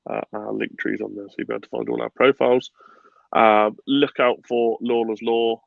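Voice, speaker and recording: A man hosting a casual football podcast, animated and swearing freely, with bursts of laughter. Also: medium pitch, normal speed, vocal fry, dry recording, narrow, tinny audio. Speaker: podcast host.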